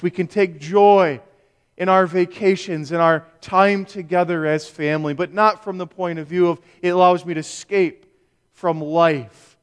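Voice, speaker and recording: A male pastor preaching a sermon, measured and emphatic, with rhetorical questions. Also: fairly high pitch, clear, resonant tone. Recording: long reverb of a church hall.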